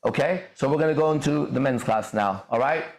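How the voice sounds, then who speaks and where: A man's voice: mid-range voice, brisk. Profane, aggressive male podcast host. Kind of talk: ranting podcast monologue. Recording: echoey room.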